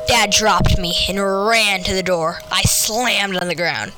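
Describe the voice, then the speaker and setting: A woman reading a first-person story aloud with lively storybook delivery, putting on voices for each character. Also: medium pitch, slow pace, few pauses, music in the background, poor audio.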